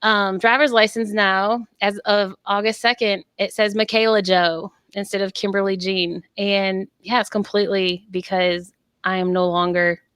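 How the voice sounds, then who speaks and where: A woman's voice: medium pitch, level tone, moderate pace, fairly bright tone, clean tone, dry recording. A woman guest in a casual interview, talking in a chatty way with lots of "like" and easy laughter. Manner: chatty, frequent "like", laughs easily.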